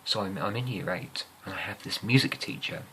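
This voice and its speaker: A young man with an English accent telling rambling, amused school stories in a soft-spoken ASMR style, often slipping into whispers and hesitating with fillers. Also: on the low side, a little fast, a little hiss or hum, poor audio. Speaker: ASMR storyteller.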